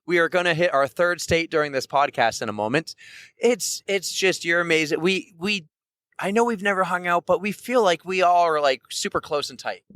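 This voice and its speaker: A man's voice: sits high, moderate pace, fairly bright tone, smooth, no room sound. A man co-hosting a podcast in casual chat from a moving car, playful and calling out the turns. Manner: playful, navigates the route. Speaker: podcast co-host.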